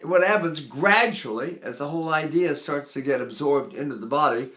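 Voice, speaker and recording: A man in his eighties giving a spoken voice lesson in an unhurried, explanatory way, now and then singing or breathing to demonstrate. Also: on the high side, fairly bright tone. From United States. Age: 80s. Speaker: voice teacher.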